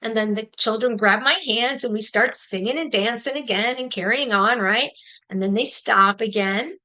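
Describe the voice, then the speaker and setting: A middle-aged woman telling a personal story to an audience, fast-talking and animated. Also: on the high side, low-quality recording. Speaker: psychic medium giving a talk.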